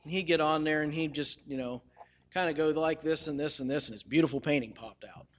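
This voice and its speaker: A man preaching a sermon as a pastor, measured and deliberate, with pauses for emphasis and light humorous asides. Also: fairly high pitch, long reverb tail, a little hiss or hum.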